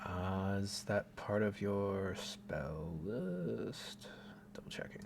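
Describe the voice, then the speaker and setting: A man narrating a tabletop game as game master, describing scenes in a relaxed way with filler words. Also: on the low side, slow, gravelly, noisy background.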